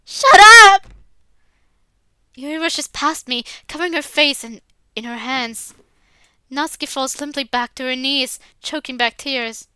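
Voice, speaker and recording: A woman narrates a visual novel in the first person and breaks off into casual, rambling asides. Her voice is bright and smooth, a little high, recorded close and dry. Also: steady tone, normal speed, dry recording. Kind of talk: reading a visual novel aloud with commentary.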